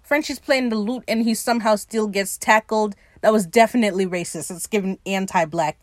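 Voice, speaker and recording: Here a podcast host gives a snarky, profanity-laced rundown of a TV series episode, acting out dialogue along the way. Her medium-pitched voice runs fairly quick, and the recording is dry with clean studio sound.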